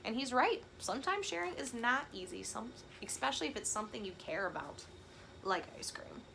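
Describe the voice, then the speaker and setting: A young woman teaching a children's camp video lesson, speaking gently and clearly and encouraging the kids. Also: fairly high pitch, very animated, fairly quick, a little hiss or hum.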